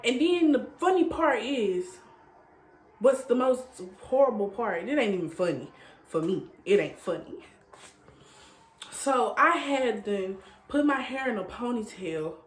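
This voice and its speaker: A woman telling a casual story to her viewers, animated and laughing, repeating phrases for effect. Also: a little high, reverberant. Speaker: storytime vlogger.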